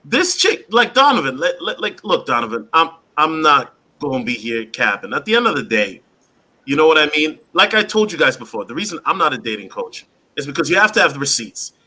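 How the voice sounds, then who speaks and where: A man talks as a guest on a casual panel, rambling in an animated way and repeating words as he builds up to his point. His voice is high for a man and very sharp and tense. His pitch swings widely. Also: brisk, husky.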